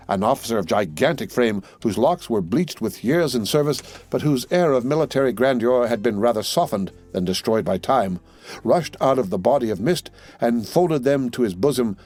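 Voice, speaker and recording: A man narrates a classic adventure novel in a steady, measured reading. His voice sits at a middling pitch for a man. Soft music plays faintly in the background. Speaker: audiobook narrator. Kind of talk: scripted narration.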